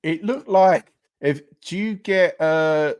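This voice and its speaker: A man's voice: a little high, takes it slowly, darkish tone, smooth, no echo. A man, co-hosting a casual podcast, rambling through stories and laughing often. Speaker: podcast co-host. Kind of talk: casual chat.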